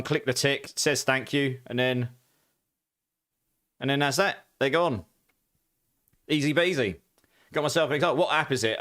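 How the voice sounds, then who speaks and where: A man's voice: mid-range voice, a bit bright. A man chatting casually to viewers while streaming a game, thanking them by name. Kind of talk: casual live-stream chat.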